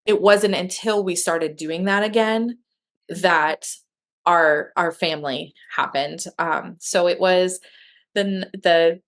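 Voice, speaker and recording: Slow and unhurried, with a low-leaning, slightly bright voice, a woman guest recounts her adoption in a conversational interview. She's candid and emotional, often using fillers and starting sentences over.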